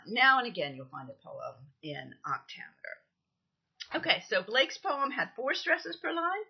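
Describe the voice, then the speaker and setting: A woman lecturer giving a recorded lesson, explaining things patiently, counting out stresses and often pausing with "um". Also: mid-range voice, slightly rough, dull audio. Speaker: literature lecturer.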